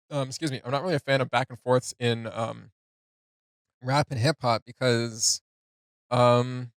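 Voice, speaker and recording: A man's voice: mid-range voice, no room sound, clean studio sound. A man hosting a casual music reaction, talking it through hesitantly with lots of fillers and restarts.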